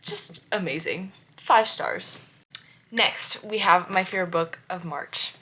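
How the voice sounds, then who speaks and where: A young woman chatting about her favorite books on her vlog, her voice sitting a little low for a woman. She gushes and says the same phrase twice over to press her point. The talk is loose and unscripted. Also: slow pace, sharp tone, husky. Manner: gushing, repeats phrases for emphasis. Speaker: book vlogger. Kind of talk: casual book review chat.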